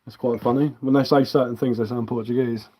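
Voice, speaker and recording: Man, Sussex accent with a London edge, live-stream host, casual rambling chat, matey, mid-pitched voice. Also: steady tone, fairly quick, warm tone, breathy edge, rough recording. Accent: Sussex English mixed with a London tinge. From Sussex, England. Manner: rambling, chatty, matey and loose. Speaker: livestream host.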